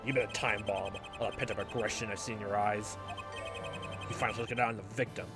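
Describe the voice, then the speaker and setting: A man's voice: on the low side, steady tone, quick pace, natural voice. A man voicing a smug, combative prosecutor. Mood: accusing. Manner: brash and goading. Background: background music.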